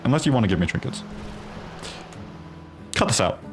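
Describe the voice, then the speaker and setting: A man's voice: mid-range voice, big pitch swings, a little slow, music in the background. A man hosting a gameplay video in a put-on Australian accent, rambling with profane, jokey asides. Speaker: gaming video host. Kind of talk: casual gameplay commentary.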